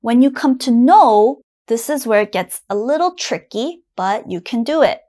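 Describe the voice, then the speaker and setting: A young woman teaching beginner English grammar, reading example sentences slowly and clearly with exaggerated intonation. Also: a little high, lively intonation, mellow.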